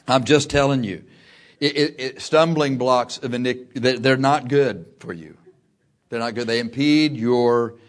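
A man preaching a sermon, telling a personal story with lively delivery, laughing often and shouting at the big moments. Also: mid-range voice.

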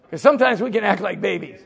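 Middle-aged pastor guy, gravelly husky voice, folksy joking sermon, loud then quiet asides. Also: sits high.

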